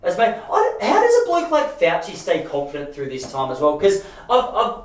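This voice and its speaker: A man's voice: high-pitched, huge pitch swings, moderate pace, echoey room, distant mic. A man in his thirties with an Australian accent, hosting a podcast as a chatty, rambling monologue full of restarts and asides. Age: 30s. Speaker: podcast host. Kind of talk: casual monologue.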